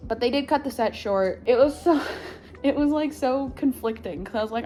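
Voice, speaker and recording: A woman's voice: a little high, normal speed, a little hiss or hum. A young woman chatting casually to camera from her living room floor, laughing often and filling her talk with "like" and "um". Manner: chatty, animated, laughs often, many fillers. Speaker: vlogger.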